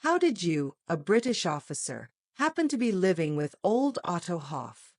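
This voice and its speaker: A woman's voice: lowish voice, sing-song, moderate pace, a little mellow, dry recording, studio quality. A woman reading the part of a curious young woman agent who asks hesitant, questioning lines. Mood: puzzled.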